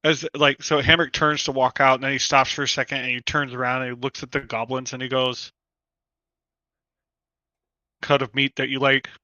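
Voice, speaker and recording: A man narrates his character's actions at a tabletop game in a bright, forceful voice. He talks in a loose, halting way, with plenty of fillers. The mic sounds dry and a little muffled. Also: medium pitch, level tone, dry recording. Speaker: player.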